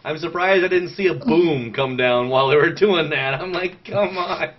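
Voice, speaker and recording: A man co-hosting a casual gaming podcast, rambling and animated, swearing often and stalling with fillers. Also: a little high, normal speed. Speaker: podcast host. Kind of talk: casual chat. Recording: dull lo-fi sound with faint noise.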